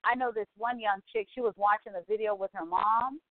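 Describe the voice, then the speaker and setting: A woman in her forties hosting a show, chatting casually in an excitable, gushing way full of exclamations. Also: mid-range voice, fairly quick, no room sound. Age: 40s. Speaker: podcast host. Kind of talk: casual chat. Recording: tinny phone-like line, dry.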